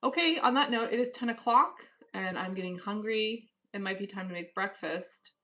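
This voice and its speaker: A woman talking straight to her live chat from home, unhurried and offhand. She sounds cool and a little dismissive as she answers viewers. Her voice sits in a plain middle register. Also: mid-range voice, bright, forceful tone. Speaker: live stream host reading chat. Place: at home, indoors.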